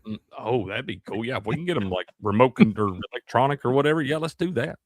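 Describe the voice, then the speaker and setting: A man's voice: mid-range voice, expressive, fast, no echo. A man co-hosting a sports show, joking around and chiming in with agreement. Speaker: co-host. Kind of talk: casual sports show chat.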